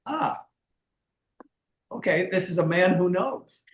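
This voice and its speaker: A man's voice: high-pitched, expressive, takes it slowly, echoey room, muffled recording. A man teaching an English class, playful and teasing with his students.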